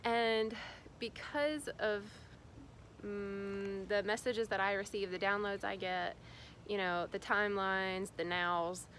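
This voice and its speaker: A woman's voice: medium pitch, steady tone, slow pace, a bit bright, a little hiss or hum. A woman from Indiana, a spiritual guide, talking casually and rambling with many fillers and restarts. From Indiana, USA. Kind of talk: casual spiritual vlog talk.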